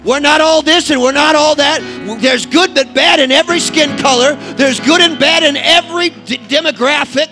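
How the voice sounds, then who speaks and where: Fiery high-voiced evangelist man. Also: moderate pace, hardly any pauses, music in the background. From inner-city St. Louis, USA. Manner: swings from quiet asides to shouted exhortation, folksy. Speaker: evangelist preacher. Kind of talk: fiery sermon. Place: church service with congregation.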